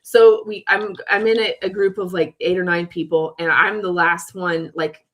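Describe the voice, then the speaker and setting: A woman's voice: lowish voice, moderate pace. A woman in her forties, a podcast guest, telling a story in casual talk and acting out the other people's voices as she goes. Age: 40s. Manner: animated, acts out quoted voices.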